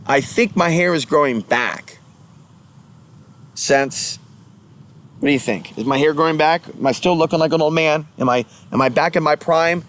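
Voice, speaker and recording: A man's voice: on the high side, normal speed, fairly bright tone. A man rambling through a casual vlog monologue, jumping between topics with mocking sing-song asides. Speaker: vlogger.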